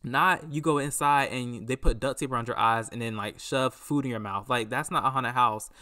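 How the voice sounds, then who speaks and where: A man hosting a podcast, talking in a casual, rambling and animated way, often acting out what people said. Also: mid-range voice, moderate pace. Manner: rambling, animated, acts out quotes. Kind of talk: casual solo commentary.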